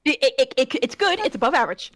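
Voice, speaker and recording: A woman playing in a tabletop game, chatting casually, with quick asides and laughs. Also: high-pitched, big pitch swings, fairly bright tone, no echo, clean studio sound. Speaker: player.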